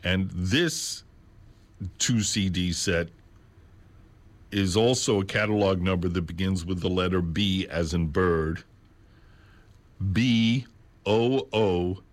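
A low-pitched man speaks slowly and deliberately into a studio microphone, hosting a radio program. He talks unscripted, pausing to spell out details with care. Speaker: radio host. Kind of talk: unscripted radio talk about records. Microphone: studio mic on a stand.

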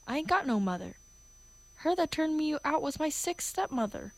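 A woman's voice: high-pitched, big pitch swings, normal speed, creaky, pitched above the performer's own voice, heavily acted. A woman reading the part of a defiant young flower girl with a Cockney accent, indignant and protesting. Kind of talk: amateur play reading.

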